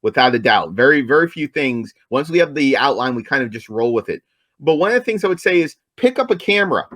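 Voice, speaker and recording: A man co-hosting a casual podcast, talking with eager energy and hammering his points home by repeating them. His voice sits in a middle pitch. The sound is dry and close, with no room echo. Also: very animated, quick pace, a bit bright. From New Jersey, USA. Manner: enthusiastic, repeats points for emphasis. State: coughing, apologizes for it. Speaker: podcast co-host.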